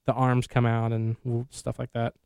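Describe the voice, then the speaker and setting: A man hosting a podcast in casual chat, talking excitedly and rambling in quick bursts. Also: medium pitch, gravelly, clean tone, no echo. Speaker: podcast host.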